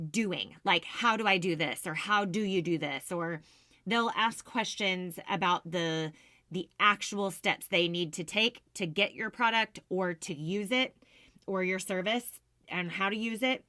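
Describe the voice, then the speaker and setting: A woman with a bright, forward voice hosts a solo business podcast, walking listeners through sales concepts in an upbeat, explanatory way. The recording is dry and close, with no room sound. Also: medium pitch, no room sound. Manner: upbeat explanatory, self-described business nerd. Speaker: podcast host, sales coach.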